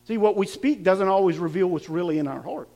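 A man's voice: sits high, a little fast, vocal fry, a little mellow, lo-fi sound. A man preaching a sermon, laughing now and then and building up to emphatic, repeated lines.

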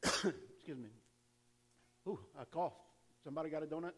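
Chatty pastor with a higher voice. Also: male voice, normal speed, fairly bright tone. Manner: casual, chatty, laughs easily, restarts. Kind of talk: church announcements and offering. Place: church sanctuary.

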